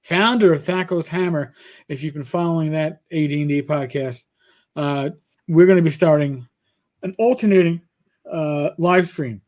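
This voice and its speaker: A man's voice: a little high, normal speed, a little mellow. A middle-aged man co-hosting a livestream, telling rambling stories with swearing and many restarts. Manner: rambling storyteller who swears and restarts a lot. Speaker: livestream co-host. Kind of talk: casual chat.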